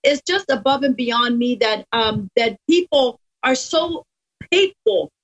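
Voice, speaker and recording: A high-voiced woman talks with an earnest, emphatic push, her Californian accent coloring every phrase. She is a Spanish-speaking guest from the border country, and her voice comes through dull and muffled. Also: measured pace. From Mexico–Texas border. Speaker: political guest. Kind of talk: casual interview talk. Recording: muffled lo-fi audio.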